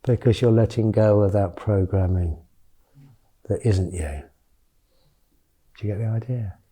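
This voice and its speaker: Brief: male meditation teacher in his fifties, very dark, mellow tone, frank and conversational. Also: on the low side, a little slow, husky. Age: 50s. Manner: candid and chatty, with blunt swearing. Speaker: mindfulness retreat teacher. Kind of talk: informal retreat talk.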